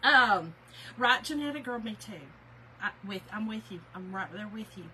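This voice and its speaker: A woman's voice: mid-range voice, lively intonation, normal speed, pushed and bright, a little hiss or hum, rough recording. A middle-aged woman, chatting casually on a craft live stream, telling stories, laughing often and greeting viewers by name.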